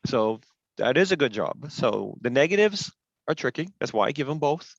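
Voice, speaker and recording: A man's voice: medium pitch, very animated, normal speed, creaky, dry recording, highs cut off. A man teaching an online class over a headset, explaining step by step in a patient way and stressing the rules firmly.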